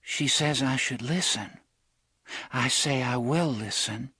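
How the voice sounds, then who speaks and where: A man's voice: medium pitch, slow, bright, forceful tone, husky, dry recording, studio quality, pitched above the performer's own voice, heavily acted. A man doing a dreamy, lilting young woman. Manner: dreamy, lilting, childlike sing-song.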